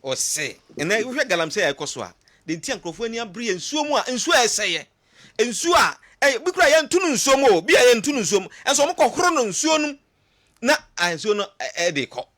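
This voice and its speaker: Ghanaian labour rep on the radio, halting, restarts a lot, voice high and lively. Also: male voice. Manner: halting, stammers before making his point. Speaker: panel guest, labour representative. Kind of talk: radio debate.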